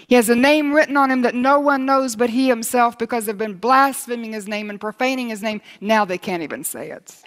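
A woman preaching a sermon in an emphatic way. She slows down for stress and lifts her voice when she reads scripture aloud. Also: fairly high pitch, fairly bright tone. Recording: long hall reverb.

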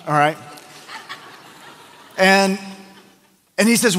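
Pastor preaching in a reverberant church. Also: male voice, fairly high pitch, unhurried, long pauses, fairly bright tone. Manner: conversational, joking, many fillers and restarts. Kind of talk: sermon with storytelling. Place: church sanctuary. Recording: church hall with long reverb.

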